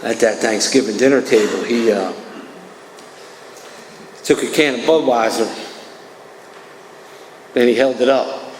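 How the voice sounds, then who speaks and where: A man's voice: medium pitch, unhurried, long pauses. Middle-aged man, speaker at a recovery meeting, chatty testimony, tags lines with "man", roomy reverberant hall sound. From New Jersey. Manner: conversational, peppered with "man" and "right". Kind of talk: personal testimony talk. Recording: echoey hall, faint room noise.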